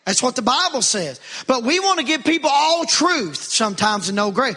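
Bright high-voiced male preacher. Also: big pitch swings, moderate pace, hardly any pauses. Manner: preaching with rising fervor, calls to the congregation. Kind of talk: sermon.

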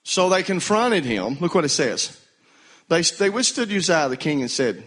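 A man's voice: a little high, very animated, moderate pace, fairly bright tone. Pastor guy preaching, keeps asking the church to say amen. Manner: call-and-response preaching, urging the congregation to answer. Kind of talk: sermon.

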